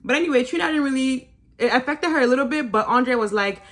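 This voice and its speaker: A woman's voice: sits high, animated, quick pace, a bit bright. A woman recapping a reality show in a casual, opinionated way, teasing and laughing often and mimicking people in sarcastic asides. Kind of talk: casual episode review.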